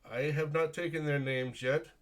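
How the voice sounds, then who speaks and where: A man's voice: on the high side, steady tone, moderate pace, voice pushed up, lightly acted. A man voicing a courteous, wry guard captain in a breastplate who speaks in a formal, old-fashioned way.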